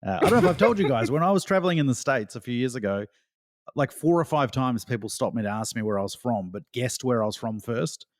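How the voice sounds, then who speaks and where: A man's voice: mid-range voice, lively intonation, fast talker, no echo. An Australian man chatting casually as a guest on a remote podcast call. His voice swings up and down a lot, he laughs as he talks, and the sound is close and dry. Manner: chatty, laughs while talking. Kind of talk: casual chat.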